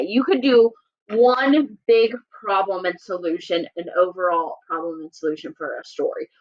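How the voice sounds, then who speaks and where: Woman, teacher, casual lesson talk, self-correcting, lively pitch, dull lo-fi sound. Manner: chatty with fillers and self-corrections. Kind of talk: casual classroom explanation. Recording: dull lo-fi recording.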